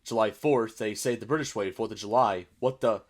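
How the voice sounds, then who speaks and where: A man's voice: on the low side, fairly quick. A young American man casually reacting to memes as a video host, chatty and puzzled, reading captions aloud. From United States.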